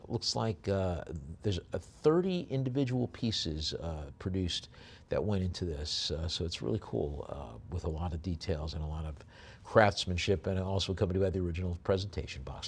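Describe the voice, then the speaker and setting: A man working as an auctioneer, describing each lot in a relaxed, joking way, then chanting the bids quickly. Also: low voice, slightly rough. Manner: rapid bid chanting between chatty, joking descriptions. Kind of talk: live auction calling with item descriptions.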